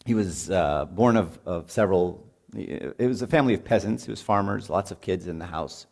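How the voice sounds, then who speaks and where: A middle-aged man preaching at a marriage retreat in a conversational, animated way, acting out quotes from home life. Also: low-pitched, normal speed, vocal fry. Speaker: priest.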